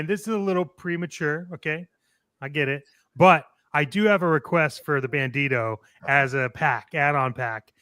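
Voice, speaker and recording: A man's voice: a little high, sharp tone, clear, resonant tone, no room sound. A man in a casual podcast chat, joking and laughing as he talks. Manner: jokey, laughs while talking.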